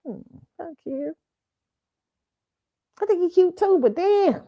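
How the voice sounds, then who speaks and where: A woman's voice: very high voice, animated, slow pace, dull audio. Blunt, profane woman hosting a chat stream. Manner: blunt and profane, laughs often, keeps asking "okay?". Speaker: show host. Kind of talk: casual pop-culture commentary stream. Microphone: streaming setup mic.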